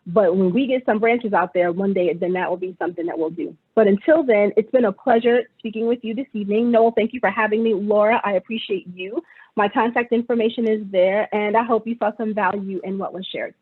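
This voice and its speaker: A woman's voice: medium pitch, breathy edge. Woman presenter on a tinny call line. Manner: friendly, professional, a bit halting. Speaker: bank vice president presenter. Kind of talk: closing remarks on a webinar. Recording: tinny phone-like call audio.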